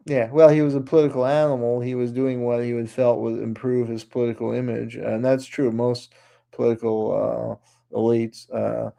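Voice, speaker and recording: A man's voice: mid-range voice, level tone, normal speed, gravelly, warm tone. A man speaking as a guest on a radio interview show, talking in long runs with many restarts and fillers. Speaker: guest author.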